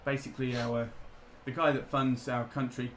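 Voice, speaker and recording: Male livestream co-host, relaxed and wry, mid-pitched voice, faint noise. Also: moderate pace. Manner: relaxed, restarts often, wry. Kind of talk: casual livestream chat with announcements.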